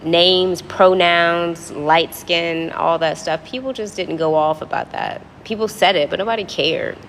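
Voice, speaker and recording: Gravelly-voiced woman from D.C., chatting. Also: lowish voice, fairly even intonation, a little slow, a bit bright, slight background noise. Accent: Washington, D.C. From Washington, D.C. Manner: rambling, reminiscing, joking asides to viewers. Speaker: livestream host. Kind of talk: casual chat with viewers. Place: apartment lobby.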